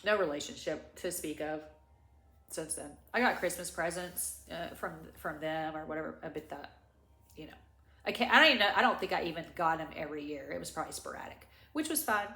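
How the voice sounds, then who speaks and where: A middle-aged woman vlogger crying as she tells a personal story, halting and rambling with many restarts. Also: low-pitched, animated, pushed and bright. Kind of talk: tearful personal story time. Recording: echoey room.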